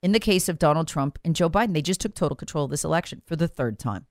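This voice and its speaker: A woman delivers an emphatic political commentary monologue as a talk show host. Her voice sits low and swings widely in pitch as she piles on sarcasm and repeats words for emphasis. The sound is dry and close. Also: lively intonation, fast, dry recording.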